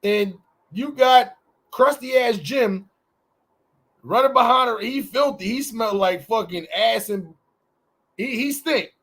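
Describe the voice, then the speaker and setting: A man with a high, bright voice co-hosts a casual morning podcast. He rants in a loose, profane way and swoops his pitch up and down when he mimics people. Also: slow, long pauses. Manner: animated, profane, swings pitch wildly acting out quotes. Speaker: podcast co-host. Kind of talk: casual morning show banter.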